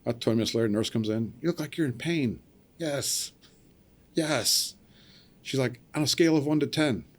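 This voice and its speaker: A man's voice: mid-range voice, normal speed. A middle-aged man on a podcast telling a story casually, acting out the voices of the people in it and laughing along. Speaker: podcast guest, cable splicer.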